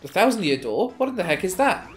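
Man putting on a blustering villain king for a game let's play, played loud. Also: high voice, sing-song, fast, faint music behind, pitched above the performer's own voice. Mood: determined. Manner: blustering, boastful. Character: loud bossy male koopa king.

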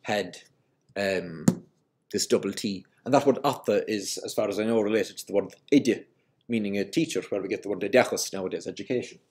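A man's voice: lowish voice, a little fast, a little mellow. A man explaining Irish word history in an unscripted lesson, with frequent ums and restarts as he works through each point. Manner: hesitant, many ums and restarts. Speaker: language teacher.

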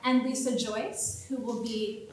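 Woman introducing a play, hesitant, lots of ums, fairly high voice, echoey hall, from afar. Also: steady tone, takes it slowly, faint music behind. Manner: hesitant, with many fillers and restarts. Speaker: playwright introducing the show. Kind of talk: casual stage introduction. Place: theatre stage. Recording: echoey hall, far off, faint noise.

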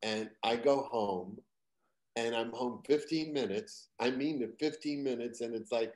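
An older man from Boston with a trained neutral American accent, a guest comedian telling stories in an interview and slipping into loud put-on local voices for punchlines. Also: medium pitch, a little slow. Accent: General American, trained out of Boston. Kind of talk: interview storytelling.

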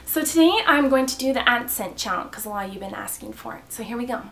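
A woman's voice: a little high, expressive, fast talker, creaky, a bit bright. A woman playing a clueless, self-important girl vlogger who talks smugly and mangles her words. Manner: smug, oblivious, mangles words. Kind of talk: comedic character vlog.

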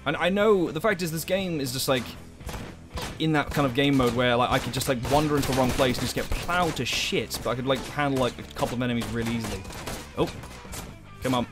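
A man's voice: medium pitch, fast, music in the background. A young man giving sweary, sarcastic commentary while playing a game as a let's play host. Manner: sweary, sarcastic, exasperated outbursts. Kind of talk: gameplay commentary.

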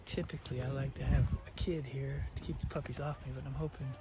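A man breeding dogs, chatting casually as he films himself, loudly calling his dogs in an outdoor kennel yard. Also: medium pitch, flat delivery, quick pace. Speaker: dog breeder. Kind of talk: casual vlog narration. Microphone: handheld camera filming alone. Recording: noisy outdoor camera audio.

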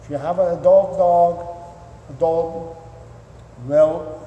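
A man's voice: a little high, steady tone, slow pace, warm tone, highs cut off, a little hiss or hum. A man working as a dog trainer, answering viewer questions in an instructive, repetitive way with many fillers. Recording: echoey room with long reverb.

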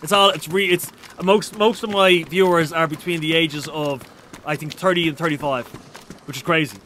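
A man's voice: fairly high pitch, steady tone, normal speed, sharp tone, slight background noise. An Irish man chatting casually while streaming a game, reading out viewer comments in a rambling, restart-prone way.

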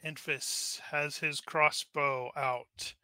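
A man's voice: fairly high pitch, level tone, extremely slow, sharp tone, smooth, no room sound. A man running a tabletop combat as game master, methodically narrating dice rolls aloud.

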